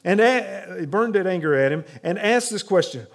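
A man's voice: high-pitched, expressive, moderate pace, gravelly, hardly any pauses. A man, a pastor, preaching a sermon in a church sanctuary in a conversational way, restarting phrases often and turning dramatic when he quotes scripture.

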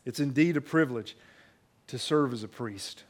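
A man's voice: mid-range voice, normal speed. A male pastor giving an emphatic, conversational sermon in a church, often repeating phrases for weight. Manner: emphatic, conversational preaching with repetitions.

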